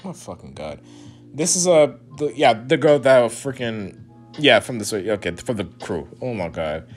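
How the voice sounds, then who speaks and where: A young man streaming a casual comic read-along, excitable, swearing and laughing often. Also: medium pitch, normal speed, breathy edge, faint music behind.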